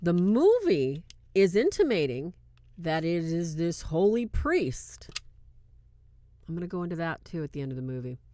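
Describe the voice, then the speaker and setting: A woman hosting a religious film review, talking casually to her viewers and swinging between loud and hushed. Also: on the low side, very animated, normal speed, no echo. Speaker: host reviewing a film on demonology. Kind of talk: casual faith-based commentary.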